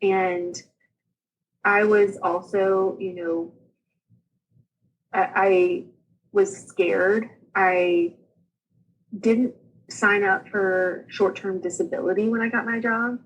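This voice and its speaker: Breathy woman telling a story. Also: medium pitch, takes it slowly, long pauses, lo-fi sound. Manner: animated, acts out quoted voices. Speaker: podcast guest telling her birth story. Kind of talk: casual storytelling chat.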